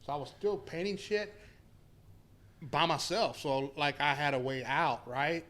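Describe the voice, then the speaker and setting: A man spins a long, swearing-laden story across the podcast table. His voice sits a little high for a man, and he drives the tale along with lively, animated energy. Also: measured pace. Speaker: podcast guest. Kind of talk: casual storytelling chat.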